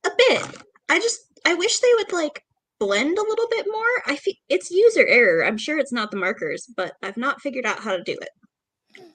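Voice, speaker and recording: Woman podcast co-host, fairly high and lively voice, teasing banter, dry close recording. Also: normal speed, no room sound. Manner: playful, teasing. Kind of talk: casual chat.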